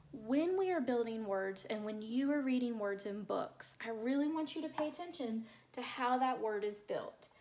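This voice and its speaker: Woman teacher, higher voice, slow and encouraging phonics delivery. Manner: slow, clear sounding-out of word parts, encouraging. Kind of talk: phonics lesson for children.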